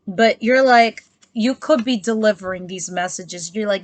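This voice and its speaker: A woman's voice: medium pitch, a little slow, dry recording. A woman giving a casual tarot reading to her viewers, talking bluntly and chattily with frequent asides. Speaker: tarot reader.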